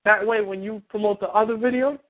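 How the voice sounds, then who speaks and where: High voiced coach guy on a tinny phone line, rambly, acts stuff out. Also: fast talker. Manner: animated, rambling, acts out quotes. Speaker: relationship coach.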